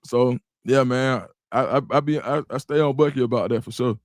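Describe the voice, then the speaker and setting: A middle-aged man with an Atlanta accent, hosting a casual livestream, reading chat comments and talking in a loose, animated, slangy way. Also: mid-range voice, normal speed, no room sound. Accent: Atlanta Black Southern English. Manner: animated, repeats words, slangy, reads chat aloud. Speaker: livestream host.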